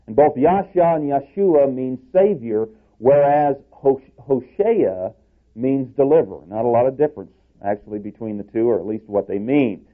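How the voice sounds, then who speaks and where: A male preacher giving an expository sermon in a measured, explanatory way, restarting phrases now and then. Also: mid-range voice, lively intonation. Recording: tinny phone-like sound.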